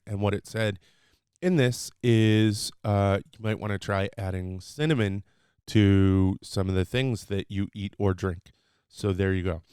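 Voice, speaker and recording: A man hosting his own podcast, chatting loosely and unscripted, teaching short phrases with lots of fillers and the odd excited burst. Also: fairly low pitch, smooth, no echo, studio quality. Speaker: podcast host.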